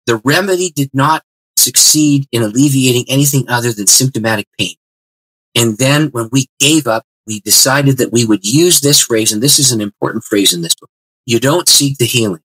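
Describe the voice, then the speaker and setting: A man with a bright, husky voice tells his testimony, animated and stumbling over restarts as he goes. The delivery is lower-pitched, and the sound is dry and close. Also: moderate pace, no room sound, rough recording. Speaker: guest author. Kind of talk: interview storytelling.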